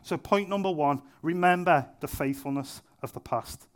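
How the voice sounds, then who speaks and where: A young preacher delivers his sermon in a relaxed, chatty way, slipping in little jokes at his own expense. His voice sits a bit higher than most men's, and he leans on repetition to hammer each point home. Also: moderate pace. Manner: conversational, self-deprecating humour, emphatic repetition. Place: church venue.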